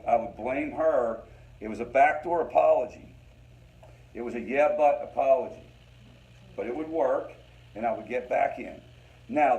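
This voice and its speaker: A man of middle pitch leads a support group in a loose, conversational teaching style. He repeats himself for emphasis and keeps checking in with the listeners. His delivery is informal and unscripted. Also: a little mellow, muffled recording. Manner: conversational, repeats phrases, addresses listeners as guys. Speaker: recovery group facilitator.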